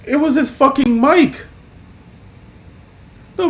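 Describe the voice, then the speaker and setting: A man's voice: on the high side, very animated, measured pace, slightly rough. A man reacting to clips with mocking, profane outbursts. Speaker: commentary reactor. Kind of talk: live reaction commentary.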